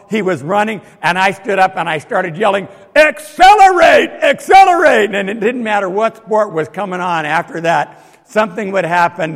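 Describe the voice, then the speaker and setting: A male pastor preaching a sermon, swinging from hushed lines to loud ones and asking the congregation questions. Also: high voice, vocal fry. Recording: long hall reverb.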